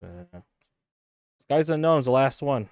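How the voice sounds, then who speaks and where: A man hosting a casual podcast chat, relaxed, laughing often and trailing off mid-thought. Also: medium pitch, slow pace, no room sound, clean studio sound. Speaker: podcast host.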